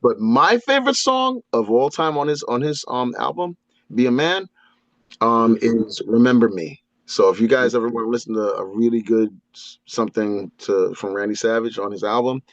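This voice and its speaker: Male guest, animated storyteller, slips into impressions, muffled dry recording. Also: mid-range voice, moderate pace, no echo. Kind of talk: casual storytelling.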